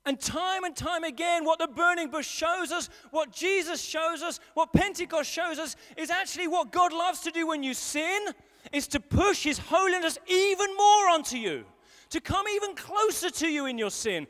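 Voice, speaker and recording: A man's voice: very high-pitched, animated, moderate pace, a bit bright. A man preaching a sermon, telling a self-deprecating story and acting out a grumpy mutter and his wife's fussing. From England. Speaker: pastor. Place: large school hall. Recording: long hall reverb.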